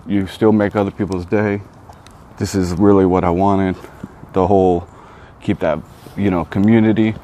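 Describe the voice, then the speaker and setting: Man, rambling casual vlog chat, fairly low voice, excitable, faint background noise. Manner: rambling, excitable, says dude a lot. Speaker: vlogger.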